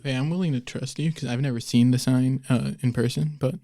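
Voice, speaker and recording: A man's voice: medium pitch, fairly even intonation, fast, mellow, dry recording. A man appearing as a guest on a trivia podcast in a studio, reasoning in a matter-of-fact way. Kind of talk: casual chat.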